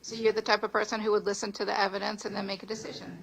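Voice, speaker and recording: A woman attorney in a courtroom, questioning a prospective juror in a polite, measured way. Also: mid-range voice, little pitch movement, gravelly, fairly bright tone, a little hiss or hum, low-quality recording. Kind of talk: jury selection questioning.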